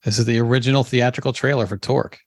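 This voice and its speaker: A man's voice: medium pitch, steady tone, rapid-fire, very noisy. A man on a podcast, talking in a matter-of-fact way while he looks things up. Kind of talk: casual podcast chat.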